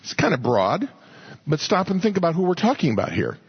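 Husky-voiced man preaching a folksy sermon. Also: fairly high pitch, big pitch swings, a little fast, lo-fi sound. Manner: folksy, conversational storytelling. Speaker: pastor.

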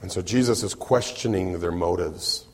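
A man's voice: low-pitched, moderate pace, husky, long reverb tail. A man preaching a sermon as a pastor, explaining a passage and acting out the voices he quotes. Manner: animated, acts out quoted voices.

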